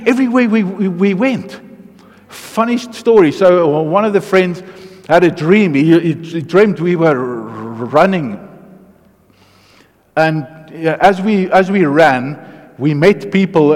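A man delivers a testimony sermon with a fairly high voice. He tells his story in a lively way, dropping into hushed asides and then building to excited, loud bursts. The sound rings out with the long reverb of a large hall. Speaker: preacher.

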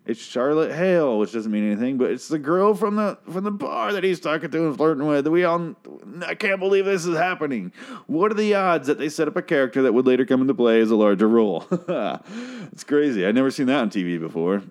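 A man's voice: medium pitch, animated, quick pace, hardly any pauses, a little mellow. A man casually recapping a TV episode, rambling, sarcastic and swearing freely.

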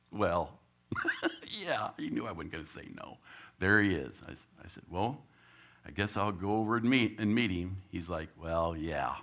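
A middle-aged church elder preaches by telling a story, his low voice swinging widely in pitch. He chuckles often and acts out what each person said. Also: unhurried. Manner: animated, laughs often, acts out quotes. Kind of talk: storytelling sermon.

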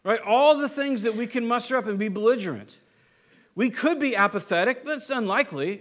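High-pitched pastor guy, super conversational sermon, keeps saying right?, acts out little scenes. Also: expressive, fairly quick, a bit bright. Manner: conversational, acts out quoted people, frequent "right?".

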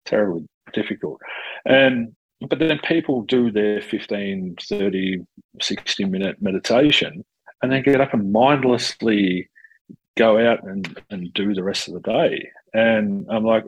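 A man hosting a casual conversation, animated and quick to act out dialogue, often restarting his sentences. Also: on the low side, no room sound, rough recording. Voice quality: gravelly, husky. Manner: animated, self-interrupting, acts out quoted dialogue, swears casually.

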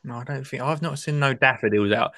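A man's voice: medium pitch, brisk, a bit bright. A man hosting a casual podcast chat, rambling and chummy, laughing easily. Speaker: podcast host.

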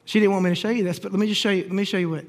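A pastor telling a personal story in a sermon, acting out the lines of the people in it with humor. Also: male voice, high-pitched, steady tone, racing. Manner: storytelling, acts out quoted dialogue with humor.

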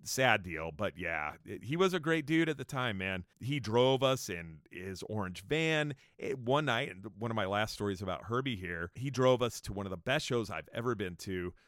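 A man in his fifties from Southern California, telling stories from his youth on a podcast in a casual, excited way, swearing often. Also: normal speed, hardly any pauses, no echo, studio quality. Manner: animated, swearing, jumps high when excited. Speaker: podcast storyteller. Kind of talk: casual storytelling monologue.

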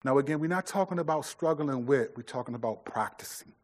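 A man's voice: medium pitch, a little fast. A middle-aged man preaching a sermon in a loose, conversational way, with many restarts and fillers. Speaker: pastor.

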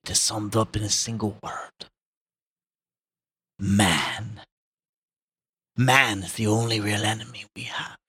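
A man's voice: fairly even intonation, slow, long pauses, bright, forceful tone, husky, no room sound, heavily acted. A man voicing an old male boar who rallies the farm animals with fiery speeches, in a put-on Russian accent, reading for comedy. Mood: grave. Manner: booming speechmaking, slips out of character into laughter. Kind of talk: comic dramatic reading.

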